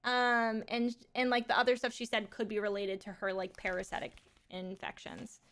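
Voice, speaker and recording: A woman's voice: a little high, level tone, moderate pace, fairly bright tone. Rambling, laughing woman streamer. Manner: rambling, swearing, laughing often. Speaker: live streamer. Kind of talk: casual live-stream chat. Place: at home.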